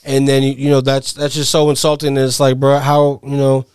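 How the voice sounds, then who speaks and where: A man's voice: mid-range voice, completely flat delivery, fairly quick, a little mellow, clear, resonant tone, dry recording, studio quality. A man co-hosting a casual podcast, talking reflectively with plenty of swearing. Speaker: podcast co-host.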